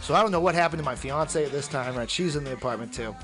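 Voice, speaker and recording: A man co-hosting a casual radio talk show, telling profane, animated stories and acting out the people he quotes. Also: on the high side, fast talker, faint music behind. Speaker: podcast co-host, comedian. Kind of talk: casual chat, storytelling.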